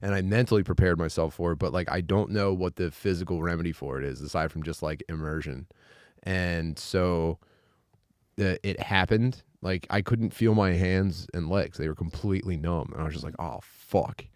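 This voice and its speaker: Lively storytelling man with a low, dry voice. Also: normal speed, no room sound. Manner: animated storyteller, acts out other people's voices. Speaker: podcast host. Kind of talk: casual podcast chat.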